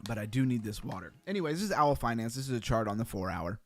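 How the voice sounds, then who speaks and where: Fast-talking man streaming crypto charts. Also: mid-range voice, lively intonation, faint music behind. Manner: fast-talking, easily sidetracked, chatty. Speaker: crypto livestream host. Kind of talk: casual livestream chart analysis.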